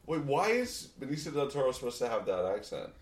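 A man's voice: mid-range voice, big pitch swings, fairly quick, echoey room. A man wisecracking on a casual movie commentary track, now and then doing silly voices. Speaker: commentary co-host.

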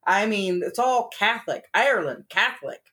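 A woman's voice: medium pitch, animated, moderate pace, bright, forceful tone. A woman from Missouri in casual chat as co-host, blunt and joking.

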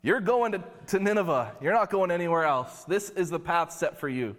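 A man's voice: sits high, animated, moderate pace, fairly bright tone, voice pushed up. A man voicing a stern, commanding male God who presses his point emphatically, his voice ringing in a hall. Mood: insistent. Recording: long hall reverb.

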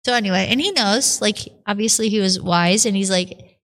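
A woman's voice: medium pitch, moderate pace. A religious sister telling her vocation story in a podcast interview, acting out the voices she quotes. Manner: animated storyteller who acts out her own quotes.

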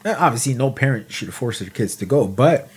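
A man co-hosting a casual podcast chat, easygoing and halting, with many fillers. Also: medium pitch, lively intonation, a little mellow, breathy edge. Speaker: podcast co-host.

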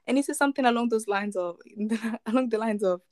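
A woman's voice: on the high side, a little fast, darkish tone, no echo. A woman casually retelling a true crime story, rambling with fillers, restarts and chuckling asides.

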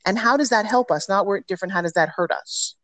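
A woman's voice: mid-range voice, quick pace, a bit bright, no echo. A middle-aged woman speaks as an interview guest, telling stories with energy and emphasis. Her voice is recorded close and dry, with no room sound around it. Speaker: podcast guest, personal development teacher. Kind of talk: casual interview storytelling.

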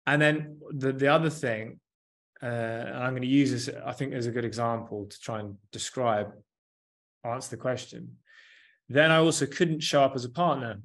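A man's voice: mid-range voice, normal speed, fairly bright tone. Male, 30s, coach or therapist guest, earnest and reflective, casual interview delivery. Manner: earnest, reflective, leans on "like" and "you know". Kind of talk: candid conversational interview.

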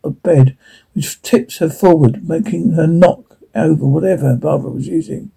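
A man's voice: fairly high pitch, normal speed, creaky, dark tone, breathy edge. A man reading a script aloud, stage directions included, in a plain, unpolished way with stumbles.

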